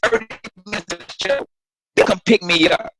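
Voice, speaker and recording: A man and guest comedian telling a story in casual, animated chat on a remote call, swearing and acting out voices. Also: high voice, a little fast, loud music behind the voice, low-quality recording. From Florida. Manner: animated, profane, acts out voices.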